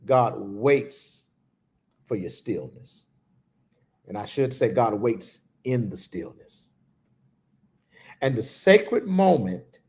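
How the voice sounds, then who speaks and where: Slow, gravelly-voiced spiritual teacher. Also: male voice, lowish voice. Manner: slow, reflective, with hushed pauses. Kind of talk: livestreamed spiritual talk.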